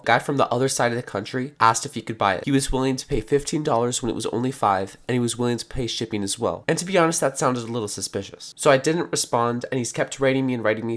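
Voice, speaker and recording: A young man narrating his own vlog in an earnest, matter-of-fact way, recapping his month. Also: medium pitch. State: out of breath. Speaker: vlogger. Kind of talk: vlog narration mixed with on-location clips.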